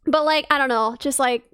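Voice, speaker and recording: A woman streamer chatting casually on a live stream, animated and playful, jumping up in pitch when she mocks people. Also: normal speed, no room sound, studio quality. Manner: animated, bouncy pitch, mocking voices.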